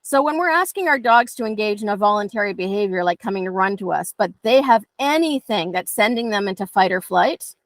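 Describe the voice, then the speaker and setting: Speaking briskly with few pauses, this medium-pitched woman runs a casual dog training class. She's middle-aged and talkative, and she regularly gives her dogs lively voices to act out their thoughts. The recording is dry.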